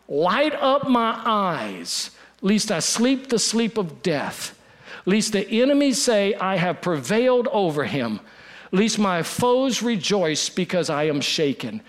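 A man preaching a sermon, dropping to a hush and then rising to urgency, repeating lines for emphasis. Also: high voice. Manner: preaching with dramatic dips to a hush and rises to urgency. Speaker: pastor.

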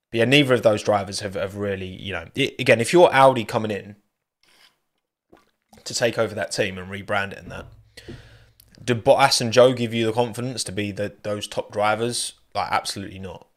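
A man hosting a solo post-race podcast, chatting and joking casually. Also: fairly low pitch. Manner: chatty, jokey, thanks listeners by name. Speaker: podcast host.

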